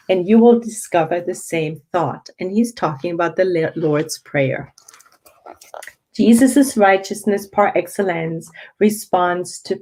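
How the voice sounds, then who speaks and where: A woman's voice: medium pitch, a little mellow, rough recording. A woman hosting an online spiritual study group, reading passages and adding emphatic, reflective commentary. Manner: slow, emphatic, reflective delivery.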